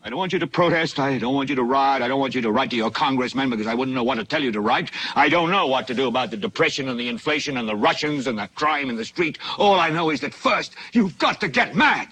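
An actor playing a furious male TV newscaster ranting on air in a film scene, building from quiet brooding to shouting. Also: medium pitch, animated, quick pace, few pauses, a little hiss or hum, poor audio. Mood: urgent. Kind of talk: film monologue.

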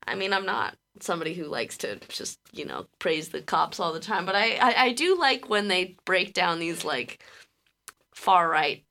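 Bright-voiced woman chatting on a podcast. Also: on the low side, big pitch swings, moderate pace. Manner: laughs easily, rambling, swears casually. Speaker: podcast co-host. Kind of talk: casual chat.

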